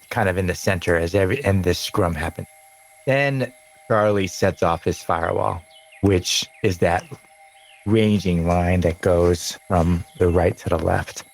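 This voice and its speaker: A man narrating as game master of a tabletop game, rambling with frequent pauses and restarts. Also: low voice, creaky, low-quality recording.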